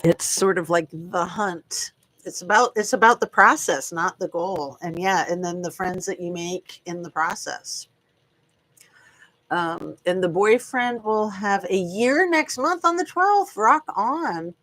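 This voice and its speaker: A woman's voice: medium pitch, expressive, unhurried, fairly bright tone, a little hiss or hum. A woman in her fifties hosting a casual live stream from home, chatting to viewers and talking to her dogs in a rambling, friendly way. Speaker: true crime channel host. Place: home room.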